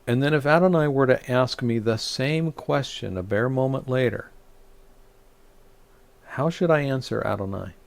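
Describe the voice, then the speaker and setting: A man's voice: mid-range voice, moderate pace, gravelly. A man, a rabbi, teaching a Torah study, reading scripture aloud and explaining it with frequent restarts and fillers.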